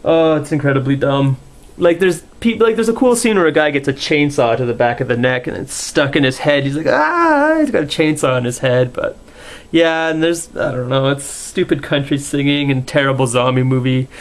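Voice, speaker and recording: A man's voice: medium pitch, fairly quick. A young man giving a casual, rambling movie review, full of fillers and swearing, dismissive in tone.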